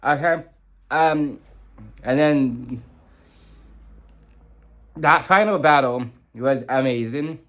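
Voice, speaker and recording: A man's voice: medium pitch, very slow, long pauses, a bit bright. A young man giving an emotional, rambling review of a TV finale, full of fillers, restarts and swearing. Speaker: vlogger reviewing a TV show. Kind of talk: casual rambling reaction review.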